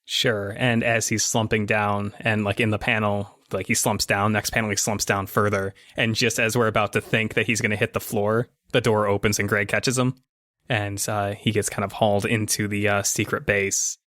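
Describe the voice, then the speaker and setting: A man narrating and running a tabletop role-playing game as game master, in a chatty, relaxed way. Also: fairly low pitch, moderate pace, no room sound, clean studio sound.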